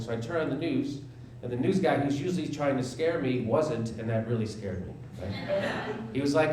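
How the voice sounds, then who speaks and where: A man's voice: medium pitch, lively intonation, a little fast, warm tone. A man in his forties doing a stand-up comedy set on a theater stage, sarcastic and incredulous, acting out dialogue in mock voices. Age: 40s. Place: small theater stage with a live audience. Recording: roomy live theater sound with audience laughter.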